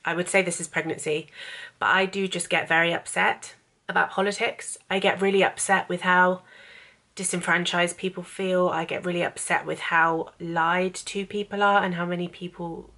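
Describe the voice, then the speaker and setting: A woman in her thirties with a low voice, chatting to camera in a casual vlog. She talks candidly and drifts from topic to topic, her voice emotional and close to tears. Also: flat delivery, normal speed, bright, forceful tone. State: tearful, emotional. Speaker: vlogger and author. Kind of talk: casual talking-head vlog.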